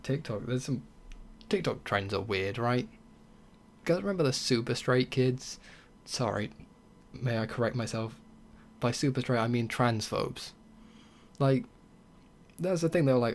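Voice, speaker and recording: A man's voice: medium pitch, unhurried, long pauses, slight background noise. A young man hosting a casual solo podcast, talking bluntly with swearing and sarcastic mocking asides. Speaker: podcast host.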